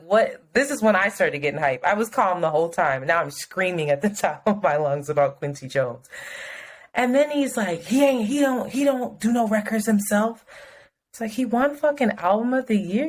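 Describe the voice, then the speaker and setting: Woman co-host, casual chat, animated storyteller, frank and profane. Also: medium pitch, normal speed. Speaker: podcast co-host.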